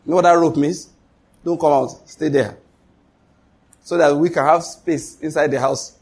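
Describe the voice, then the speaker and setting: Emphatic husky male preacher. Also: steady tone, moderate pace, a little mellow. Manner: emphatic preaching with sudden high-pitched exclamations and rhetorical questions. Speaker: pastor. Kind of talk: sermon.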